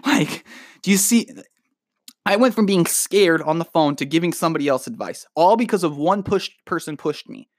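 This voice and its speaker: A man's voice: sits high, dry recording, clean studio sound. A young man hosting a podcast, giving a profane, emphatic motivational monologue and calling the listener dude. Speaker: podcast host.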